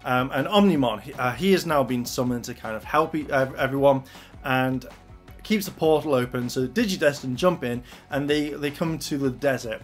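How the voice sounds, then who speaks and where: A man giving a casual, animated spoken review, retelling scenes and acting out the characters' lines with frustration. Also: mid-range voice, normal speed, soft background music. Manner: excitable, animated retelling with acted-out quotes. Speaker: anime reviewer.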